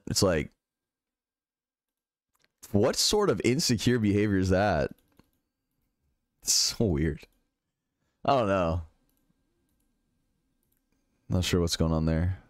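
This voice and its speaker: A young male streamer with a low voice that swings widely and lively as he talks. He chats loosely with his viewers, swears without a second thought and answers their questions. The sound is close and dry, with no room around it. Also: slow pace, long pauses, no room sound. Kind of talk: casual chat reading out live chat.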